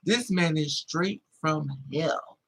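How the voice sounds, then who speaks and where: Gravelly, husky man telling a story. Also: fairly high pitch, takes it slowly, poor audio. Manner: animated, emphatic, profane storytelling. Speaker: vlogger. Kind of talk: casual personal storytelling.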